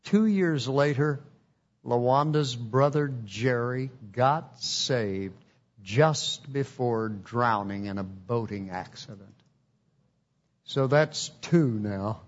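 A male preacher telling a testimony in an earnest, folksy manner, taking his time over every phrase. His voice sits at an ordinary middle pitch, and the recording sounds dull and lo-fi. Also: slow pace. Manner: earnest, folksy storytelling with acted quotes. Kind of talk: sermon testimony storytelling.

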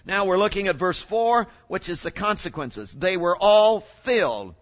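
Guy preaching a sermon, high bright voice, kinda dull lo-fi recording. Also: a little slow. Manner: animated, exclaims and asks the congregation questions.

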